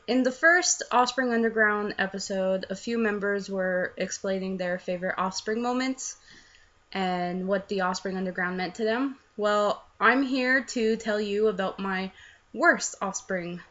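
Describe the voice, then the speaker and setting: A woman's voice: medium pitch, a little slow, a bit bright, dull audio. A young woman casually telling a rambling, self-mocking story to the camera.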